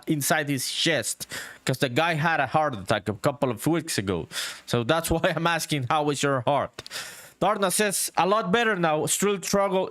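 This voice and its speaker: A man's voice: a little high, a bit bright, no echo. A young man streaming his game development live, chatting casually with viewers in a laid-back, slangy way.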